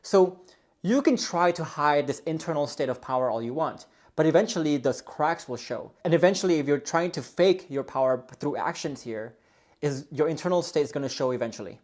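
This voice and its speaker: A man's voice: a little high, fairly quick, a little mellow. A man speaking as a relationship coach in a coaching video, earnest and explanatory, leaning often on "really" and "you know". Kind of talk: coaching video talk to camera.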